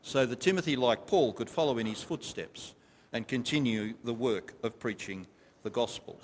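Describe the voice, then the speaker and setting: A man's voice: medium pitch, moderate pace, a little hiss or hum. A man preaching a sermon to a congregation, emphatic and repetitive, stopping to ask them questions. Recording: long reverb of a large hall.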